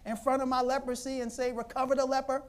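A woman's voice: sits high, level tone, fast talker, clean tone, voice pushed up, close to an everyday voice. A woman playing an indignant proud commander. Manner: complaining, exasperated.

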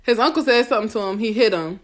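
Young female podcast co-host, loud and animated, high lively voice. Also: rapid-fire. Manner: loud and animated, laughing often. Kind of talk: casual chat.

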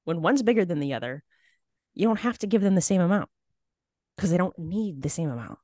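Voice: medium pitch, animated, brisk, a little mellow, no echo, studio quality. A podcast host talking animatedly in a casual conversation, building out analogies.

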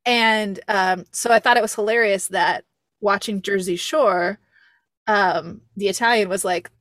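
A woman's voice: mid-range voice, a little slow, no room sound, clean studio sound. Rambling, laughing woman podcast host. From America. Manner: rambling, animated, laughs often, swears casually. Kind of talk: casual chat.

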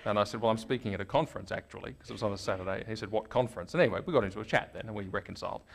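Animated Australian man telling stories. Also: lowish voice, very fast, vocal fry, a little hiss or hum. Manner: animated storyteller, acts out quoted voices. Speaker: interview guest. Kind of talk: conversational interview.

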